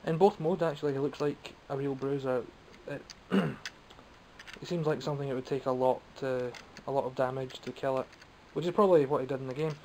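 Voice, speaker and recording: A Scottish man who vlogs about his toy collection chats casually and pokes fun at himself while showing off toys he bought. His voice is medium-pitched and dark, with fairly even intonation and a brisk pace. The audio is poor, with slight background noise.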